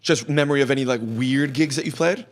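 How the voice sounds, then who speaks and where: A man hosting a casual comedy interview, eager and quick to jump in with encouragement. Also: mid-range voice. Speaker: podcast host. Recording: noisy background hiss.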